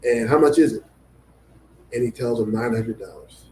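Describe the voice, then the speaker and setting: A man's voice: medium pitch, normal speed, dark tone. A man, an author at a book event, telling a story and acting out the dialogue of the people in it. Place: event venue. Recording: echoey room, faint noise.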